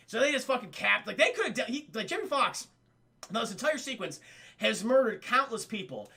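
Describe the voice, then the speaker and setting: A young man casually recapping a film on a live stream, excitable and profane, constantly talking to his chat. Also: very high-pitched, moderate pace, vocal fry, slightly rough.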